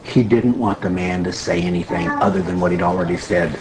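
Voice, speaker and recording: A man's voice: sits low, a little fast, noisy background. A man leading a Bible study group, teaching in a conversational, emphatic way and putting questions to the group.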